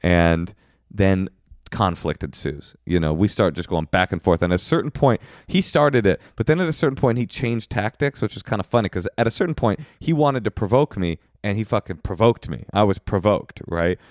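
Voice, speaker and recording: A man's voice: fairly low pitch, moderate pace, no echo, studio quality. A middle-aged man co-hosting a podcast, telling stories with lots of swearing and acted-out voices. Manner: animated storyteller, acts out voices, swears a lot. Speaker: podcast co-host. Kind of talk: casual chat.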